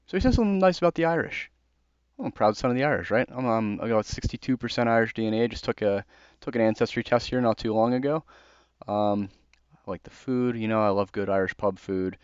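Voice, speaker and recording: A man's voice: medium pitch, clean tone, dry recording. A young American man in casual, earnest commentary on a book, talking conversationally with fillers. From United States. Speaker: host. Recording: dull dry lo-fi recording.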